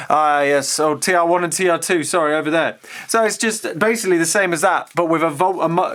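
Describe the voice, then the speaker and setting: Male host, higher-pitched, casual and enthusiastic, reads tech text aloud and riffs on it. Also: normal speed, few pauses, a bit bright. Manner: enthusiastic, chatty, musing asides. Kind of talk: reading aloud and commenting on an old magazine.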